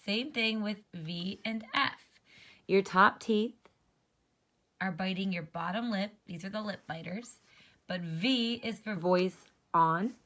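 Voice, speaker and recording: This phonics lesson for little kids comes from a woman teacher whose medium-pitched voice is a bit bright. She goes slowly and clearly, modeling each sound and asking the children to join in.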